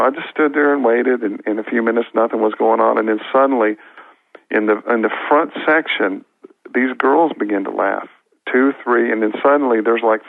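A man, a minister, telling a long earnest story with halting restarts and acted-out quotes, heard over a phone line. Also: mid-range voice, vocal fry, dry recording. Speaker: guest minister. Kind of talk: storytelling testimony. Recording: tinny phone-line audio.

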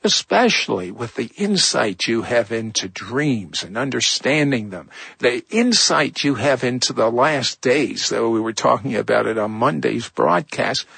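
A man's voice: medium pitch, gravelly, a bit bright, slightly rough, no echo. A man hosting a faith talk show, interviewing a guest and asking follow-up questions.

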